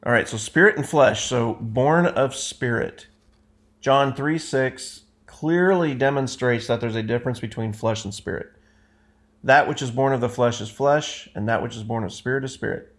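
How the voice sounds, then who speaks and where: A man's voice: medium pitch, moderate pace. A man leading an informal Bible study, reading passages aloud and explaining them in a conversational way, often correcting himself. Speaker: Bible teacher.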